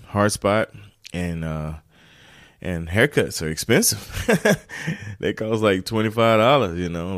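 A man's voice: fairly low pitch, dry recording, studio quality. A man hosting his own podcast, talking casually with lots of slang and "man, you know" fillers. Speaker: podcast host. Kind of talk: casual solo podcast chat.

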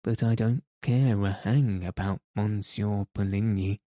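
A man voicing a blunt, stern male opera manager who speaks roughly and accuses. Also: on the low side, steady tone, a little slow, warm tone, dry recording, clean studio sound, close to an everyday voice.

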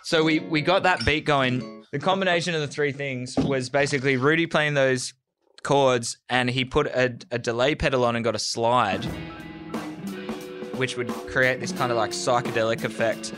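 A man, a band member explaining things in a relaxed way, with many fillers. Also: medium pitch, moderate pace, soft background music. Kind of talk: casual chat.

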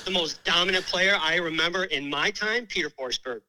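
Fast-talking man with thick Michigan accent. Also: sits high, bright, forceful tone, low-quality recording. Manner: rapid, enthusiastic, swears. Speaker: caller. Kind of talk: casual phone-in chat.

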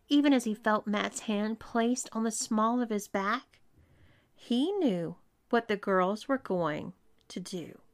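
Woman reading an erotic story aloud, slow and steady, kinda high voice. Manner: slow, even storytelling delivery. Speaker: erotica reader. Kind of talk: scripted story narration.

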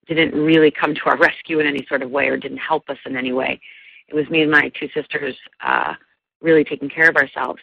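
Here a life coach tells an earnest personal story in an interview, her voice very deep, gravelly and husky. She stumbles through lots of fillers and restarts and mimics others' voices as she quotes them. The audio is dry with no echo, dull and lo-fi like old radio.

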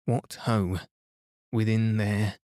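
A man voicing a grown male herald who shouts a formal summons, in a bedtime storybook reading. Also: on the low side, fairly even intonation, slow, dry recording, studio quality. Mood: stern.

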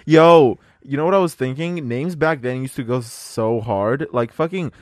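A young man co-hosting a podcast, chatting casually and joking in bursts of high mock voices. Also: normal speed, no room sound, studio quality. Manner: lively, laughing, slips into high mocking voices. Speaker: podcast co-host. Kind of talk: casual chat.

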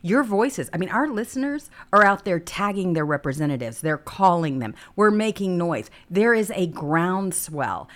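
A woman's voice: on the low side, very animated, normal speed, hardly any pauses. A woman hosting a political talk show, speaking in an emphatic, preachy way.

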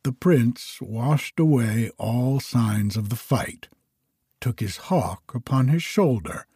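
A man reads a fairy tale aloud in a slow, measured storybook reading. His voice is dark and mellow with a husky grain, and his intonation rises and falls a great deal. The recording is close and dry. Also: mid-range voice, animated, dry recording. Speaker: narrator.

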